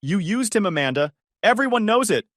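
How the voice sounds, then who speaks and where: Man voicing a young woman firing back, sharp and loud, bouncy pitch. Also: very animated, moderate pace, no echo, studio quality. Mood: yelling. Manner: pleading, then sharp.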